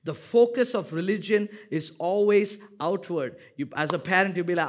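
A pastor delivers a sermon in a high voice at normal speed, hardly pausing, with a repetitive rhetorical cadence. He builds repeated lines to loud, emphatic peaks, then drops into quiet asides and trades some playful banter with the congregation.

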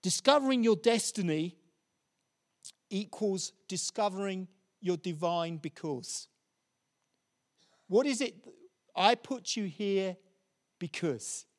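A middle-aged man delivers a sermon in a notably high voice. He tells stories as he goes, often stumbling back over his own words before pressing on. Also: lively intonation, slow, long pauses. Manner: storytelling, with many restarts and repeated words. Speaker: preacher.

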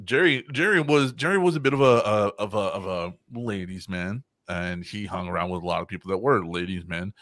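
A man chatting casually and telling a profane, animated story, acting out loud quotes. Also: sits low, fairly quick, hardly any pauses, no room sound, clean studio sound. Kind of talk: casual chat.

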